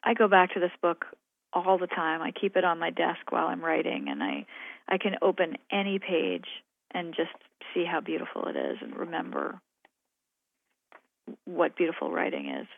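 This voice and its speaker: Woman novelist, thoughtful, hesitant, gravelly voice, dry narrow radio sound. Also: fairly low pitch, animated, moderate pace, no room sound. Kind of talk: interview and reading from her novel. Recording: phone-like radio line.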